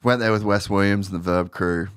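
A man hosting a podcast, talking excitedly and swearing freely, with "bro" and "dude" throughout. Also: low voice, brisk, clear, resonant tone, no room sound, studio quality. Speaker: podcast host. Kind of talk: casual podcast chat.

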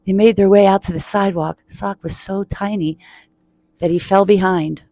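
A woman reading a children's picture book aloud in a quiet, playful voice, joking and giggling in a public laundromat. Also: medium pitch, fairly even intonation, normal speed, no echo.

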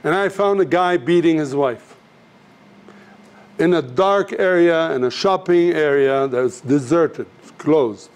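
Earnest and direct with his students, this missions teacher uses a slow, fairly high-pitched voice with a darkish tone. He shares stories and acts out the voices of the people in them.

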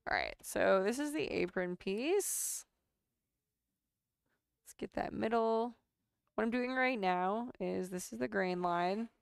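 A woman's voice: mid-range voice, slow, vocal fry, pauses often, clear, resonant tone, no echo, studio quality. A woman chatting casually at home as she works on a sewing pattern and coos baby talk to her cat. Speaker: sewing vlogger. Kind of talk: casual chat while sewing.

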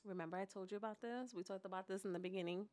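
A woman co-hosting a podcast in casual chat, talking in an animated, expressive way and laughing often as she tells stories. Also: mid-range voice, rapid-fire. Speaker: podcast co-host.

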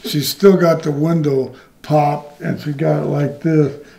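A man's voice: on the high side, level tone, unhurried, vocal fry, mellow. An older man, a retired wrestler, telling rambling and profane anecdotes in an interview. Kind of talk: shoot interview storytelling.

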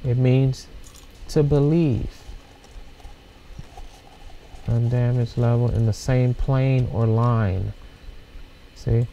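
Male preacher, bible study; unhurried, phrase-by-phrase delivery, dark tone, asks "See?" a lot. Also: medium pitch, steady tone, lo-fi sound, slight background noise. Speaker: preacher leading a scripture study. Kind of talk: informal bible teaching, reading verses and explaining them.

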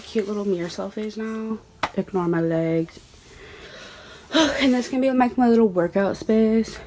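A woman's voice: mid-range voice, background noise. A young adult woman chatting casually to her vlog camera at home and in her car, rambling with lots of fillers like "um" and "like". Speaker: vlogger. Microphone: handheld phone.

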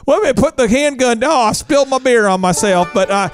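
A man's voice: very high-pitched, expressive, fast, over music, voice pushed up. A man voicing a rowdy, beer-drinking rural dad who talks in a flustered, folksy drawl. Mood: excited.

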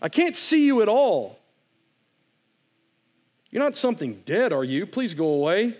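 Scared, self-pitying young boy in a storybook reading, voiced by a man, pitched up high and breathless. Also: sing-song, a little slow, darkish tone, exaggerated voice. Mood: pleading.

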